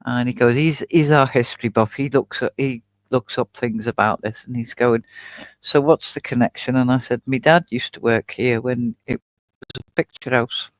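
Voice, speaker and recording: A man's voice: medium pitch, steady tone, moderate pace, no echo. A man hosting a casual chat, telling a long anecdote in a chatty storytelling way and laughing often. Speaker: YouTube channel host.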